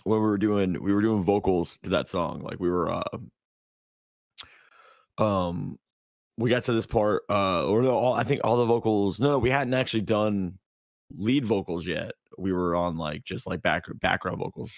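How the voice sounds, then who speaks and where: A man's voice: on the low side, moderate pace, creaky, no room sound, clean studio sound. A man co-hosting a podcast, telling a long story in casual chat, rambling with lots of fillers and restarts. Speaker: podcast co-host.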